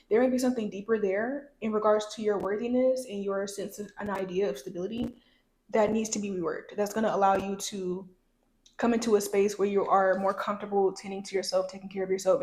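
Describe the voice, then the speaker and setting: A young woman doing a tarot reading chats casually and speaks straight to her viewers. Her voice is medium-pitched with a somewhat dark tone, and the room she's in is echoey.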